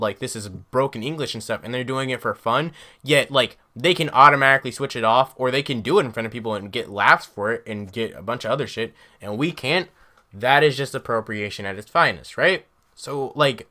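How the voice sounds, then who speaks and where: A man's voice: medium pitch, bright, forceful tone. A man co-hosting a casual podcast chat, emphatic and profane as he makes his point. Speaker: podcast co-host.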